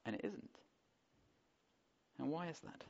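A man's voice: on the high side, expressive, unhurried, gravelly, a little mellow. A man preaching a sermon in a conversational way, often putting rhetorical questions to the congregation, on a dull lo-fi recording. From England.

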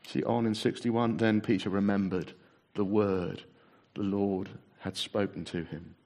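A man preaching a sermon, acting out the voices in the story and dropping to a hushed, low voice for solemn points. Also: fairly even intonation, unhurried. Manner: dramatic, acts out the voices in the story.

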